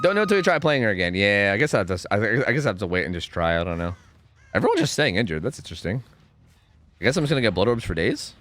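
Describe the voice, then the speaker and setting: A man's voice: on the low side, sing-song, quick pace, fairly bright tone, slight background noise. A young man streaming a game, chatting casually and rambling through answers to chat, often stumbling and repeating words.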